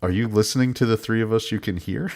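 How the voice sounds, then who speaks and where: A man co-hosting a casual podcast, chatty and quick to laugh. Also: medium pitch, slight background noise. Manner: laughs often, loose and chatty. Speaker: co-host.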